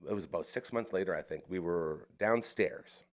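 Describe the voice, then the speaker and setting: A man in casual storytelling chat on a live podcast, animated and acting out the people in his stories. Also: low voice, normal speed.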